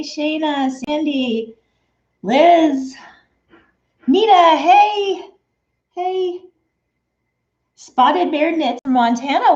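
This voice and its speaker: A woman's voice: sits high, a little mellow. A woman hosting a casual quilting livestream, chatty and laughing often as she greets viewers by name. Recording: echoey room, dull lo-fi sound.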